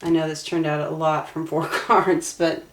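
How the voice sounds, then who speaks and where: A woman's voice: low-pitched, flat delivery, normal speed. A young adult woman giving a tarot reading, earnest and emotionally invested as she talks through the cards aloud. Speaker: tarot reader.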